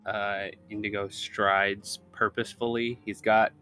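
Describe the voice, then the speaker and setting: Brief: male player, lowish voice, rambling casual descriptions, faint music. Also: flat delivery, unhurried, sharp tone. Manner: chatty, lots of "like". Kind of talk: casual tabletop role-play chat.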